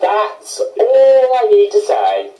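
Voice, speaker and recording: A woman narrates a video game review at an unhurried pace, her fairly high voice rising and falling a great deal. She drops in playful, wry asides. The room has a noticeable echo, with game music playing clearly behind her. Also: huge pitch swings, warm tone.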